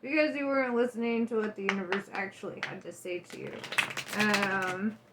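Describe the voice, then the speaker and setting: A woman's voice: medium pitch, fairly even intonation, moderate pace, heavy background noise. A woman giving a casual tarot reading, candid and loose, swearing and laughing often. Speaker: tarot reader.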